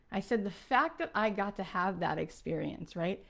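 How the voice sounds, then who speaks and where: A woman in her forties, a podcast host, talks her listeners through a personal story. She is earnest and animated and uses lots of fillers, and her pitch sits in an ordinary middle range. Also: normal speed, few pauses. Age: 40s.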